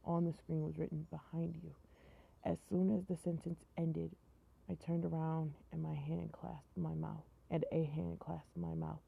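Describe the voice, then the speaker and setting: Gravelly young woman reading over a tinny stream. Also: low voice, moderate pace. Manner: reads in a flat, even tone, stumbling and restarting over words. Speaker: streamer reading stories aloud. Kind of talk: casual live-stream story reading. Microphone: phone mic. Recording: tinny phone-like live-stream audio.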